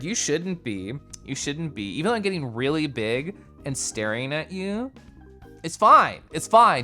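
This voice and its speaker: Male streamer from Kansas, casual chat, lively swooping pitch, playful and laughing, faint music behind. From Kansas, United States. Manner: animated and playful, swings his pitch, laughs often. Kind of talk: casual live-stream chat, reading and answering chat.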